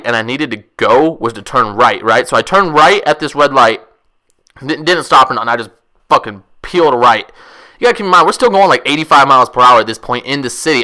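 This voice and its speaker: Excitable, profane young man telling a story. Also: medium pitch. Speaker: vlogger. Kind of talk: casual storytelling.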